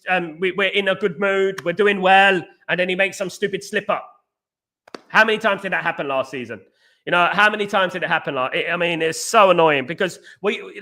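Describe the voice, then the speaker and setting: A man hosting a live chat show, talking fast and excitedly, often restarting sentences and answering viewers. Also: high voice. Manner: talks fast and excitedly, many restarts, says mate. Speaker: show host reading viewer comments.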